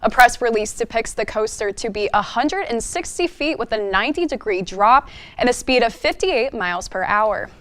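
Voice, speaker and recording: A young woman anchors a student news broadcast, her voice pitched a little high. She reads the stories cleanly and laughs easily in the banter between segments. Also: expressive, normal speed, fairly bright tone. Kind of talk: newscast reading and casual anchor banter.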